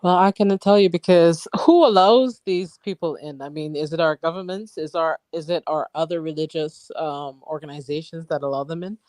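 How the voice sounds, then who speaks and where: A woman's voice: sits low, steady tone, normal speed, few pauses, a little mellow, no echo. Thoughtful woman caller, dry line. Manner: thoughtful, questioning.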